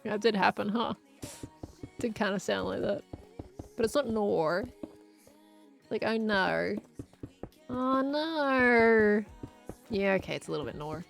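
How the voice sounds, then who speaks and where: A woman's voice: medium pitch, normal speed, vocal fry, pauses often. An Australian woman chatting casually while streaming a game and answering chat, with faint music behind her.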